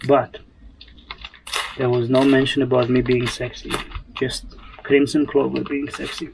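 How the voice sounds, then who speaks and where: A man's voice: medium pitch, darkish tone, slight background noise, poor audio. A man talking casually while sowing seeds in his garden, chatty and self-mocking, rambling as he goes. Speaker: homesteader vlogger.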